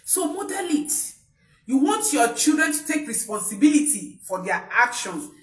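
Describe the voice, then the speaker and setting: A woman's voice: high voice, big pitch swings, moderate pace, fairly bright tone. A woman, coaching parents in an emphatic talk that repeats key points. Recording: echoey room, voice from a distance.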